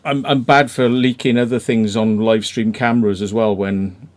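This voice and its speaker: A man's voice: fairly low pitch, steady tone, normal speed. A man with a Welsh accent chatting casually as a live-stream host, rambling with lots of fillers and restarts. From Wales.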